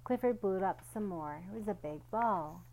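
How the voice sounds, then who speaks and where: A woman with a middle-pitched voice reads a children's picture book aloud in a gentle, expressive storytelling style at a moderate pace. She gives each character its own light voice, though the recording quality is low.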